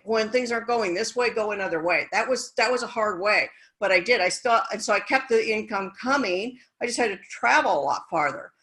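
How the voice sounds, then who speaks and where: Woman guest, business coach type, lively storyteller with a bright, ringing tone. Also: medium pitch, rough recording. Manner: energetic, animated, acts out quoted dialogue. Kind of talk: conversational storytelling.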